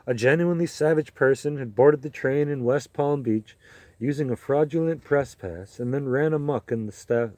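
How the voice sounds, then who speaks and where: A man reading an audiobook aloud in a measured, even way. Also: mid-range voice, dry recording. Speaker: audiobook reader. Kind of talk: audiobook narration.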